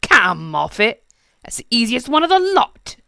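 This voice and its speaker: A woman's voice: a little high, very animated, measured pace, gravelly, dry recording, clean studio sound, pitched above the performer's own voice, full character voice. A woman reading a storybook and voicing a bossy, brutish male goblin king who bellows and bullies. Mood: scornful. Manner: loud, bellowing, coarse and bullying.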